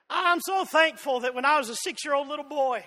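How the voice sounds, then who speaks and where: A man with a Southern drawl from Georgia, preaching a fiery sermon that swings between loud shouts and soft asides. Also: extremely high pitch. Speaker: pastor. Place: church sanctuary. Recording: long hall reverb.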